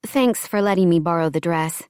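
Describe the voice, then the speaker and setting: A woman narrator voicing a shy, flustered young woman who babbles nervously and speaks softly. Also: fairly low pitch, fairly quick, clear, resonant tone, dry recording, studio quality, natural voice. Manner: flustered, babbling, then quiet.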